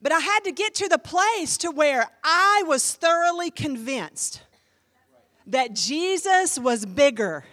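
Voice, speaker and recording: Woman pastor, high voice, dry close sound, animated and emphatic storytelling. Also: no room sound. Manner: animated, emphatic, conversational with many fillers. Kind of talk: teaching class storytelling.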